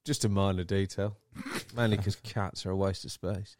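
A man's voice: low voice, steady tone, normal speed, darkish tone, no room sound, clean studio sound. A man in a casual chat with friends, joking and playful. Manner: playful, jokey. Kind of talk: casual banter.

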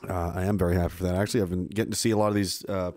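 A man hosting a livestream, reading chat messages aloud in casual, profane commentary that swings between loud bursts and low mumbles. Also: level tone, racing, no room sound, studio quality.

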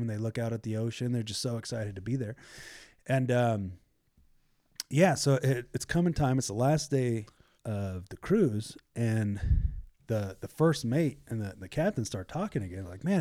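A man's voice: medium pitch, warm tone. A man telling a story in casual chat, acting out the people he quotes.

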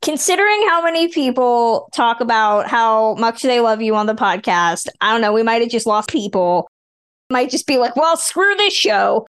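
High-voiced woman podcast host. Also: moderate pace, smooth. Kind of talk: casual podcast chat.

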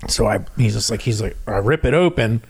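Man, casual storyteller, rambling, animated retelling full of "like". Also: fairly low pitch, fairly quick, husky. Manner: rambling, many "like" and "he's like" fillers; acts out quotes in animated retelling. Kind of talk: casual chat.

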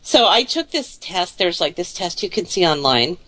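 A woman's voice: lowish voice, big pitch swings, pushed and bright. A woman from the Pacific Northwest with a Seattle-area accent, hosting a radio show in a playful, teasing banter. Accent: Seattle-area American English. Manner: teasing, playful, quick to laugh. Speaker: radio host.

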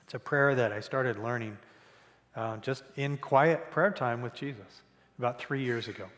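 A man's voice: mid-range voice, moderate pace, fairly bright tone. A man preaching a conversational sermon as pastor, earnest and repeating key phrases for emphasis. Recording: reverberant church hall.

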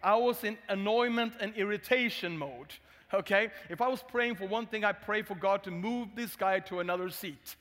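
A man's voice: high voice, moderate pace, fairly bright tone. A man with a Swedish accent, a pastor telling a funny, candid story in a sermon. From Sweden. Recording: long hall reverb.

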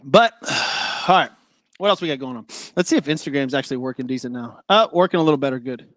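In casual sports betting talk, a podcast host with a medium-pitched voice rattles quickly and animatedly through game matchups and picks. He's loose and chatty, breathes heavily, and apologizes whenever something glitches.

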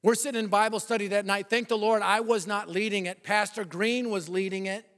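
A man in his fifties preaching in a large church hall, his voice ringing with a long echo. He sits fairly high for a man and tells his story with animated energy, jumping from loud outbursts down to near-murmured confession. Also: a little fast. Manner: animated, swings from loud bursts to hushed confession. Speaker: pastor. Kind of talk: sermon with storytelling.

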